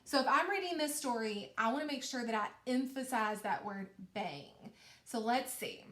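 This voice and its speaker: A woman teacher giving a recorded reading lesson to young children, talking slowly and encouragingly. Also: on the high side, animated, fairly bright tone. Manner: slow, patient, encouraging teacher talk. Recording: echoey room.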